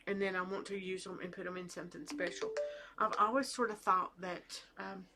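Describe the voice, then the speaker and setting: A woman's voice: mid-range voice, steady tone, fairly quick, over music. A middle-aged woman chatting casually to camera about her knitting, hesitant, with fillers and restarts. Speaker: knitting vlogger. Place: home with family talking in the background.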